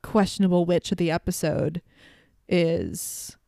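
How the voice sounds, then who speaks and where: A woman's voice: on the low side, sing-song, measured pace, creaky, dark tone, no echo, studio quality. A woman hosting a podcast, chatting casually about a TV episode and laughing often. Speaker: podcast host. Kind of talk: casual chat recapping a TV episode.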